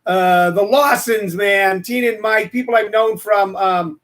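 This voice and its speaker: A man's voice: high voice, measured pace, a bit bright. A man hosting a live-streamed comedy talk show, playful and showy, rambling with lots of fillers. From Missouri, US. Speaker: host.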